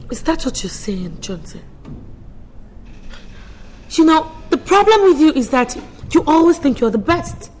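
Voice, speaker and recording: A woman's voice: high-pitched, sing-song, a little slow, pauses often, a little hiss or hum. An actress with a Nigerian accent playing a proud, hot-tempered young woman in a film drama. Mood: cold. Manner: haughty, sharp-tongued.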